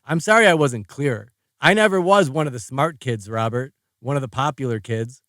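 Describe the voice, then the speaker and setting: A man's voice: medium pitch, a little fast, fairly bright tone, dry recording, clean studio sound. A man narrating a first-person audiobook in a wry, rambling, conversational way.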